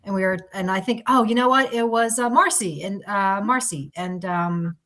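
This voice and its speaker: A woman's voice: medium pitch, moderate pace, a bit bright. A woman from Philadelphia co-hosting a podcast, chatting casually with many fillers. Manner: chatty, friendly, filler-heavy. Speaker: podcast co-host.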